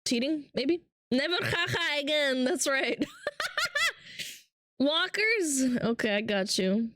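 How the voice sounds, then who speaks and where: Young woman, streamer, high voice, slow unhurried talk, teasing, playful. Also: lively intonation, fairly bright tone, dry recording, studio quality. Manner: playful, teasing, switches between English and Russian. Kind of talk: casual live-stream chat.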